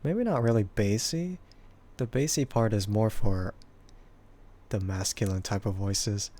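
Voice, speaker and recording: Slow, giggly husky-voiced man. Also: warm tone. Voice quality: husky, bassy voice. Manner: giggly, laughs often between remarks. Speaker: VTuber streamer. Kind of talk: casual stream chat answering viewers.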